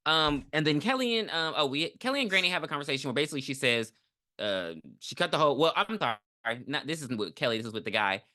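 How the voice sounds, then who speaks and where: A woman co-hosting a casual movie-review podcast, full of animated energy. Her voice is bright and swings widely in pitch as she retells scenes. She drops into quick impressions of the characters and swears without a second thought. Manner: animated, acts out characters' lines, swears freely. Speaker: podcast co-host. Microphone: podcast mic.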